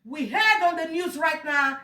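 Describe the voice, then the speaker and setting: A woman's voice: sits high, animated, a little slow, bright, forceful tone, far from the mic. A Nigerian woman giving an emotional, pleading monologue, crying out to God and lamenting. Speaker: vlogger. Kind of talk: impassioned monologue. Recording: echoey room, voice off-mic.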